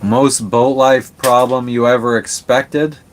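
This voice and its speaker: Casual male live-stream host on a boat; relaxed, rambling, salty language, mid-range voice. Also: medium pitch, takes it slowly, a little hiss or hum. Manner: laid-back, swears casually, rambling with restarts. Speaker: livestream host answering chat. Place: on a sailboat.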